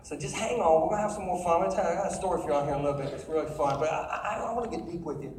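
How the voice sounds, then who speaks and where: A man's voice: on the high side, rapid-fire, darkish tone, echoey room, far from the mic, poor audio. A man delivering a sermon to a live audience, emphatic and calling out questions for them to answer. His voice rings around a large room. He sounds somewhat away from the microphone, with a faint hum of ambience. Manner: emphatic, calls out to the crowd with questions. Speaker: preacher.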